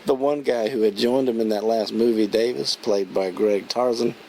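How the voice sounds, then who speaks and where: A man with a lowish voice talks through a film review in a loose, rambling way, restarting sentences and chuckling as he retells scenes. A faint hum of room ambience sits behind him. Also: fairly even intonation, moderate pace, creaky, darkish tone, low-quality recording. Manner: rambling, chatty, many restarts and fillers. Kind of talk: casual spoken film review.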